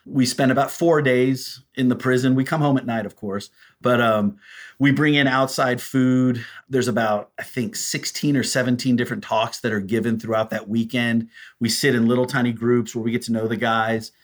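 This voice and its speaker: A man telling stories as a podcast guest, animated and acting out the voices of people he quotes. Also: mid-range voice, normal speed. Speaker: guest, prison ministry volunteer. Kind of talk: storytelling in a podcast interview.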